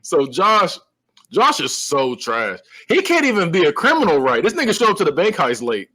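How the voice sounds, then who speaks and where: A man co-hosting a podcast, casually recapping a film and retelling its scenes with lively, frequent laughter. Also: a little high, normal speed. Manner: animated storyteller who acts out characters; laughs often. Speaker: podcast co-host. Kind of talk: casual movie-recap chat.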